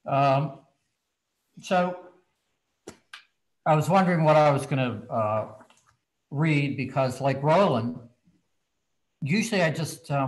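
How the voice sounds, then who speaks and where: An older man, a children's author, telling a story from his childhood to students over a video call, lively and dropping to a hush for tense moments. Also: medium pitch.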